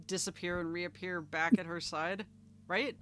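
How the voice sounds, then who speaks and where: A woman player at a tabletop game, chatty and animated and quick to laugh. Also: fairly low pitch. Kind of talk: casual chat at a tabletop game. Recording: faint hum behind the mic.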